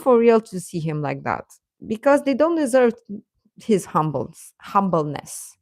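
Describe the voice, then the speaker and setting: A woman casually chatting on a live stream about K-pop, outspoken and animated, laughing between thoughts, swearing now and then, and answering viewers' comments. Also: mid-range voice, measured pace, dry recording, studio quality.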